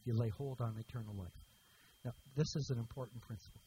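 A man's voice: mid-range voice, fast, mellow, a little hiss or hum, poor audio. A man preaching a sermon as pastor, emphatic and repeating key words for stress.

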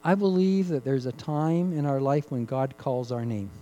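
A man preaching a sermon, rising to loud emphatic peaks and dropping to hushed, drawn-out phrases, repeating key words for emphasis. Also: medium pitch, rough recording. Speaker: pastor.

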